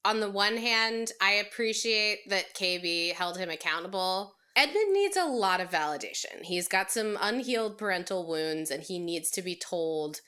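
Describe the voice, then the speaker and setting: A woman co-hosts a casual chat in a bright voice at an ordinary pitch. She gives candid, opinionated takes and laughs easily. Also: expressive, moderate pace, hardly any pauses, smooth. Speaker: podcast co-host.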